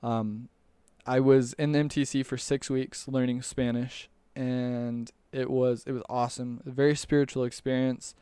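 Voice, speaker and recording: A young man tells a loose, rambling story in an even, fairly flat voice that stays close to one pitch. His tone is smooth and clear, recorded dry and close with no room sound. He restarts his sentences often and lets small chuckles slip in. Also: normal speed, no room sound. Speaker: storyteller recalling a church mission. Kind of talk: casual storytelling.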